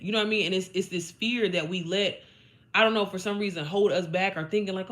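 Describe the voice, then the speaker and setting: A woman's voice: on the low side, fast, fairly bright tone. A young woman from Indiana giving a blunt, profane, emphatic motivational talk to her followers, chatty and full of fillers. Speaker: online business coach.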